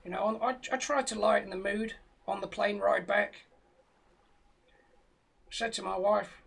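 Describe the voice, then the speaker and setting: Gravelly, sweary British man spinning a yarn. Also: high-pitched, fairly even intonation, normal speed, long pauses, a bit bright. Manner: profane, rambling tall tale told straight. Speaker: comedian telling a story. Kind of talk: comic storytelling on a live stream.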